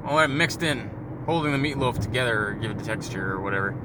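A man's voice: mid-range voice, animated, quick pace. A man hosting a casual car podcast, rambling and jokey with frequent swearing while he drives. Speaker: podcast host. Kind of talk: casual storytelling while driving. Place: inside a moving car. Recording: car road noise behind.

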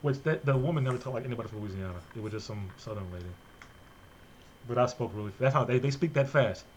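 Male podcast host, quick joking delivery, faint background hum. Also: medium pitch. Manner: fast, animated, joking. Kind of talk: casual podcast chat. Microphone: remote recording.

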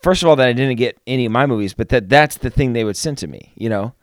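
A man co-hosting a podcast, telling a story in a casual, animated, self-mocking way. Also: mid-range voice, quick pace, no room sound, clean studio sound. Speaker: podcast co-host.

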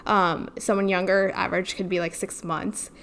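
A woman's voice: medium pitch, little pitch movement, normal speed, fairly bright tone. A woman co-hosting a podcast, talking casually with lots of "like" and "um". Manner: chatty, many "like" fillers. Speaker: podcast co-host. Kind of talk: casual chat.

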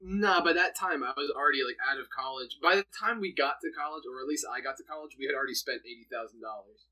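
A man's voice: mid-range voice, quick pace, sharp tone, rough recording. A young man from New Jersey, a podcast guest chatting casually and telling stories with lots of laughter and "like"s. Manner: laughs often, storytelling with many "like"s. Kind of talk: casual chat.

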